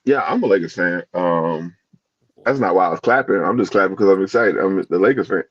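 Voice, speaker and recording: A man's voice: low-pitched, animated, fairly quick, slightly rough, lo-fi sound. A man co-hosting a podcast in casual chat, rambling and restarting as he searches for words. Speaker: podcast co-host.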